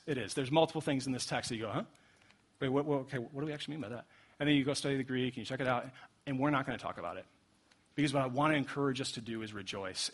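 A young man preaching a sermon in a casual, animated way, laughing often and acting out quotes. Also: medium pitch, breathy edge. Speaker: pastor.

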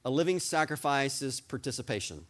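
A man preaching a sermon as pastor, talking with excited energy that rises at times into yelling. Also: mid-range voice, brisk.

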